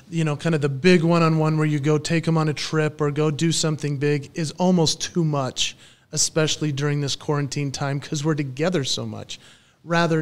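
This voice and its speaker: A man in his forties, a stage entertainer and guest on a podcast interview, telling lively stories and acting out the voices he quotes. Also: a little high. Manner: lively storyteller who acts out quoted voices.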